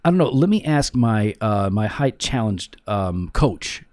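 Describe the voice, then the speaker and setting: A man's voice: lowish voice, big pitch swings, unhurried, a little mellow, no echo, studio quality. A man co-hosting a podcast in casual chat, joking and sarcastic, sometimes preachy. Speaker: podcast co-host.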